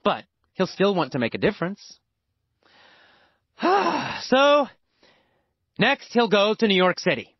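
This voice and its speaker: A man teaching English by telling a simple story slowly, with exaggerated, repetitive emphasis. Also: no echo. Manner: exaggerated, repetitive, animated storytelling with big pitch swings. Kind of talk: slow, emphatic storytelling lesson. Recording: dull lo-fi, dry recording.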